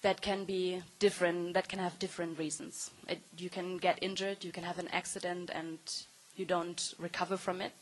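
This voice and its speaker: A woman's voice: on the low side, level tone, moderate pace, poor audio. A woman in her thirties, a circus performer, speaking on a panel in an earnest way with frequent ums and restarts. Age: 30s. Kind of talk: panel talk.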